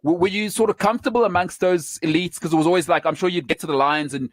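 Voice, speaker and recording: A South African man hosts a sports talk show with a fairly high voice and plenty of excitable energy. He reacts fast and keeps the chat moving. The sound is close and dry. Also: no echo. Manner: excitable, quick to laugh. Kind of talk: casual podcast interview.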